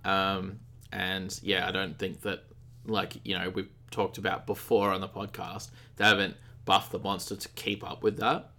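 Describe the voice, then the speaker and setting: A man with an Australian accent co-hosting a podcast, talking games in a relaxed, rambling way while eating dinner. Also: low-pitched, moderate pace. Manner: relaxed, rambling, many fillers. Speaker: podcast co-host. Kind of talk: casual gaming chat.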